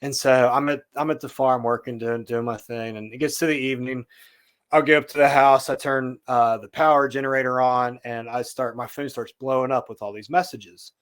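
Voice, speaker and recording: A man as a podcast guest, telling a story in a casual, animated way and acting out what people said. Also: medium pitch, moderate pace. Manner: animated storyteller, acts out quotes.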